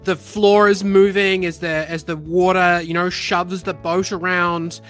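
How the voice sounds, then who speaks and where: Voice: medium pitch, flat delivery, unhurried, fairly bright tone, soft background music. A game master narrating a tabletop game in a casual way, with filler words.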